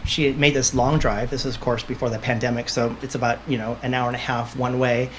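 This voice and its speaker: A man's voice: mid-range voice, quick pace, a little hiss or hum. A man, a medium, chatting as a podcast guest and telling stories with acted-out dialogue. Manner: lively storyteller, acts out dialogue. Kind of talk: casual interview chat.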